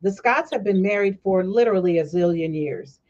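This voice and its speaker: Woman host chatting away, animated storyteller, kinda muffled lo-fi audio. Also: medium pitch, fairly quick. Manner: animated storytelling, acts out quoted voices. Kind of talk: casual chat. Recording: dull lo-fi stream audio.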